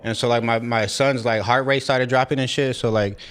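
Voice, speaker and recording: A man's voice: medium pitch, fairly even intonation, normal speed, fairly bright tone, clean tone. A young man chatting loosely on a podcast, heavy on slang and fillers. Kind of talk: casual podcast chat.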